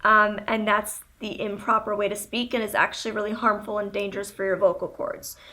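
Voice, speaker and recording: Bright-voiced chatty young woman. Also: mid-range voice, little pitch movement, brisk. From Canada. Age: 20s. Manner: chatty, candid, with laughs and fillers. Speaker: YouTuber. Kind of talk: casual storytelling to camera.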